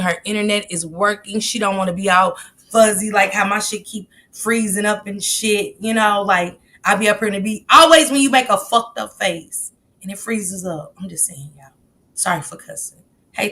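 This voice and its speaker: A woman's voice: on the low side, a bit bright. A middle-aged woman hosting a casual livestream, greeting chat viewers by name in loose, slangy talk. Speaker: livestream host.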